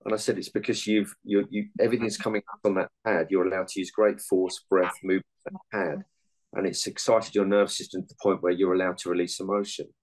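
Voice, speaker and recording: Deep-voiced man explaining earnestly. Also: little pitch movement, quick pace, rough recording. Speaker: meditation and martial arts coach. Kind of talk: interview answers.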